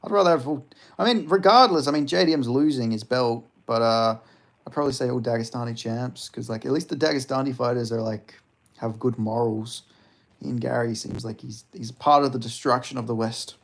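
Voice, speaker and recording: A man's voice: medium pitch, brisk. A man casually chatting on a live stream, rambling and swearing while he answers chat questions. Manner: rambling, profane, reads chat aloud.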